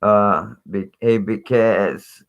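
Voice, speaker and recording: A man's voice: on the low side, very slow, clean tone, dull audio. A man hosting a live stream, talking in a rambling, casual way full of fillers and asides. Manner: rambling, filler-heavy, conspiratorial chat.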